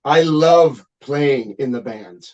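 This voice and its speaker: A middle-aged man, a guest musician, telling stories in a casual, profane, animated interview chat. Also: mid-range voice, slow pace, dull audio.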